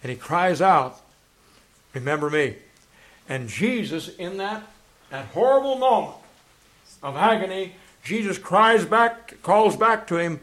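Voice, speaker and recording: A man preaching a sermon as pastor, fervent, swinging from loud declarations to hushed asides, and reading passages aloud. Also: fairly high pitch, expressive, a little slow, long pauses. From England. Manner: reads passages aloud from books.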